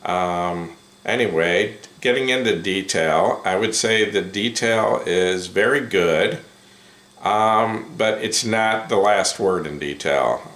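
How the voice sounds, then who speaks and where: Offering his first impressions of a pair of headphones, a man speaks casually and without hurry, often saying um and correcting himself. The low-pitched voice has a fairly bright quality, recorded with roomy echo.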